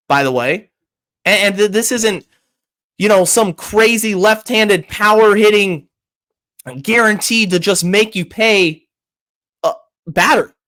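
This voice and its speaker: A man's voice: high-pitched, fairly bright tone. A man hosting a sports podcast, giving heated, opinionated commentary with frequent restarts and stammers.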